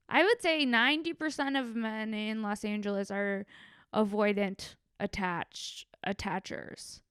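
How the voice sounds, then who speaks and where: A woman hosting a solo podcast, telling rambling, profane, animated stories. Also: medium pitch, clear, resonant tone, no room sound, clean studio sound. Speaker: podcast host. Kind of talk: solo comedic podcast monologue. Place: Los Angeles.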